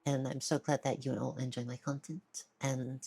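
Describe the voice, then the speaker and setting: Low, gravelly-voiced shy woman streamer. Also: steady tone, normal speed. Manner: soft-spoken, shy, stammering. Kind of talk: casual live-stream chat with viewers.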